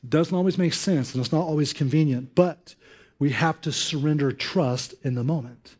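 A man preaching a sermon in an animated, conversational way, acting out voices. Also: fairly high pitch, moderate pace. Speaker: pastor.

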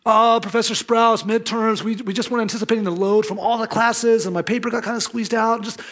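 A preacher puts on a high, whiny voice for pleading college freshmen. The voice is wheedling and sits well above his usual pitch. It is a storytelling bit inside a sermon. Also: fairly even intonation, brisk, fairly bright tone.

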